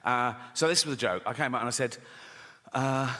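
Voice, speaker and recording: A man's voice: mid-range voice, moderate pace, pushed and bright. A middle-aged man doing a sweary stand-up routine, telling stories with constant "right?" tag questions. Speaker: stand-up comedian. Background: audience laughter.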